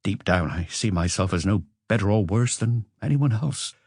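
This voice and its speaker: An exhausted forty-year-old man answers an interrogation hesitantly but earnestly, as a man reads him in an audiobook. The voice is low, and the recording is close and dry. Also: lively intonation, normal speed, a little mellow, husky, no echo. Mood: weary. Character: weary, sleepless forty-year-old man under questioning.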